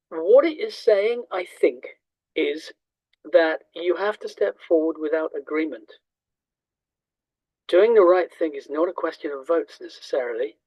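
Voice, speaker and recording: A man in his sixties, his voice sitting a little high, teaches in a reflective, halting manner full of ums and restarts. The recording is dry and close, with a slightly dull, muffled top end. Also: no room sound. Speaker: teacher of Chinese metaphysics. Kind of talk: reflective teaching talk with anecdotes.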